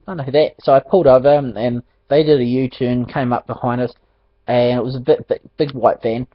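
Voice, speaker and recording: A man telling a personal faith testimony in an animated storytelling way, laughing often. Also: mid-range voice, no room sound. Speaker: ministry speaker. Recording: dull dry lo-fi recording.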